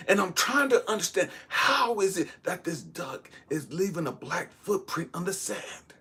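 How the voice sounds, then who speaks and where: A man with a raspy, breathy voice that sits a little high, telling a personal dream story to his channel. He talks casually and often checks in with "you know what I mean." His delivery swings from near-whispers to loud, urgent stretches. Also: moderate pace, hardly any pauses. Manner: animated, dramatic retelling with sudden loud and hushed stretches. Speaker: channel host.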